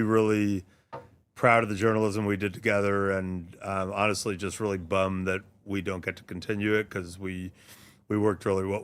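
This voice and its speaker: A man who is a sports journalist, a guest on a talk show, speaking thoughtfully with frequent pauses and fillers. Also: fairly low pitch, clean tone. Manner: thoughtful, many ums and restarts.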